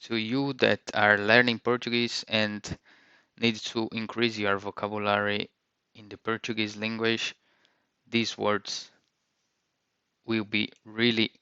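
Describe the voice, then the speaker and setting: A male language teacher talks through a vocabulary lesson, speaking each word and then repeating it with care. His voice is bright and forceful, and it sounds dry and close. The recording itself is dull and slightly lo-fi. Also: lowish voice, clear, resonant tone, dry recording. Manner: says each word and repeats it, careful pronunciation.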